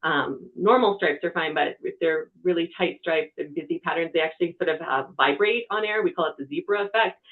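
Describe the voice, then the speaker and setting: Conversational TV reporter, mid-pitch, tinny webinar audio, quiet room. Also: fairly quick, hardly any pauses. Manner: conversational, talks with hands. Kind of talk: practical media-training talk.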